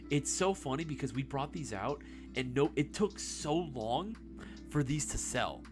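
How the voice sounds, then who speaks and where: A man's voice: a little high, lively intonation, a little slow, over music. A young man hosting a casual live-stream Q&A, swearing freely and laughing often. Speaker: live stream host answering viewer questions.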